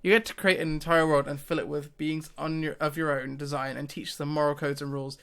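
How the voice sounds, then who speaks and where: A man's voice: on the high side, level tone, brisk, gravelly, a bit bright, smooth. A man talking casually to the camera, thinking aloud with hesitations and frequent laughs. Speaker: YouTuber.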